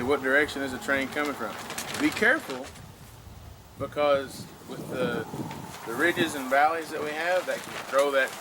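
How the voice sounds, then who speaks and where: Folksy Southern man teaching a class. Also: mid-range voice. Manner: folksy, asks the room questions, many "you know" and "okay". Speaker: land navigation instructor. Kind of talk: informal classroom lecture. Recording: noisy room recording.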